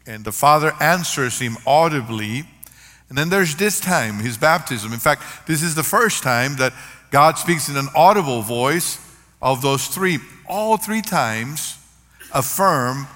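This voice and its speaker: Older male pastor, bright voice. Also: mid-range voice. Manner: earnest, varied emphasis, storytelling. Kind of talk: sermon. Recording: long reverb of a large hall.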